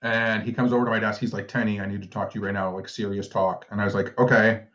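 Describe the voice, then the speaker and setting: Lower-voiced man, slightly muffled podcast audio. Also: flat delivery, fast, fairly bright tone. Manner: laid-back storyteller, laughs at himself. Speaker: podcast co-host. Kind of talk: casual chat.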